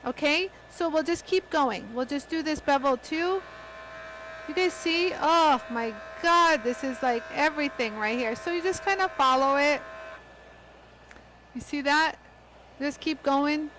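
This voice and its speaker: A woman hosting a live craft demonstration, chatty and excitable, talking straight to her viewers as she works. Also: high voice, measured pace, a little hiss or hum, low-quality recording. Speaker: host of a live lapidary demo.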